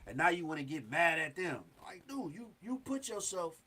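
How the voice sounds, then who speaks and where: Man, talk show host, high voice, emphatic, casual street talk. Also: very animated, normal speed, bright, forceful tone. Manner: earnest, emphatic street talk with many "you know what I'm saying". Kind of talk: casual advice monologue.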